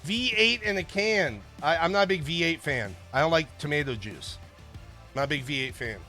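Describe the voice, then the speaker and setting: A male stream host rambles and jokes with his viewers in a loose, casual way. His voice sits high and sounds bright and forward. Faint music plays underneath. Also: expressive, moderate pace. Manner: rambling, jokey, chatting with viewers. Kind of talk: casual livestream chat.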